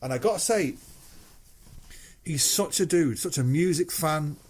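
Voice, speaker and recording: A man's voice: a little high, expressive, unhurried, darkish tone, slightly rough. A middle-aged man with a Mancunian English accent, a musician guest telling anecdotes in casual chat, swearing freely and acting out quoted voices.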